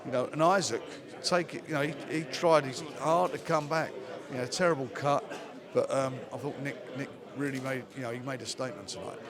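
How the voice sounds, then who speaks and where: An older boxing promoter with a medium-pitched voice gives a plainspoken post-fight interview, speaking a little fast and repeating phrases for emphasis. Crowd chatter can be heard behind him.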